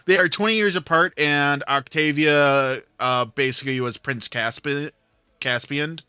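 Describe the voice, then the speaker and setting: A man's voice: fairly high pitch, unhurried, bright, forceful tone, clear, resonant tone, no room sound, studio quality. A man hosting a livestream, telling a rambling story in casual chat with plenty of filler words. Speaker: livestream host.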